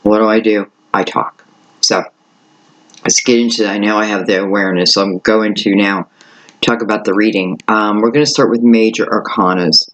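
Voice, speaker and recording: Low-voiced man rambling through a tarot reading. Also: steady tone, moderate pace, rough recording. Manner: rambling, gentle, repeats "you know" and "right". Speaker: tarot reader. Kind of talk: casual spoken tarot reading.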